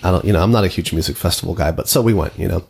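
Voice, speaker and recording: A man's voice: deep voice, racing, creaky, breathy edge. A man hosting a casual conversation, telling a rambling, anecdotal story. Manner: rambling, anecdotal, many fillers.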